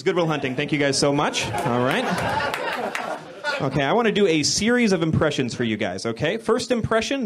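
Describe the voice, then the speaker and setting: A young male comic delivers a stand-up set in an awkward, deadpan way, tripping over his own words and sometimes working up to a shout. His voice is fairly high and very animated. Laughter from the crowd and steady noise run through the live club recording. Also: brisk. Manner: awkward deadpan, self-correcting, builds to shouting rants. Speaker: stand-up comedian. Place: comedy club stage.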